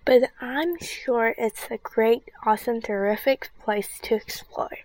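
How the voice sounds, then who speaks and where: A woman reading aloud and voicing an excited, chatty girl in a children's adventure story, with loud gushing exclamations. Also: a little high, unhurried, no room sound, close to an everyday voice, poor audio.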